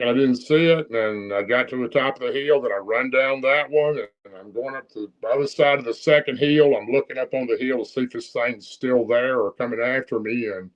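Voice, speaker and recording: A man's voice: medium pitch, dull audio. A man with a Southern US accent telling a personal encounter story in a plain-spoken, rambling, folksy way. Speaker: guest storyteller.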